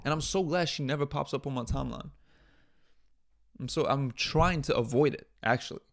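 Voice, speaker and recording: Guy doing a solo podcast rant, gravelly and blunt, swears a lot. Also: medium pitch, normal speed. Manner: blunt, profane, exasperated. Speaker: podcast host.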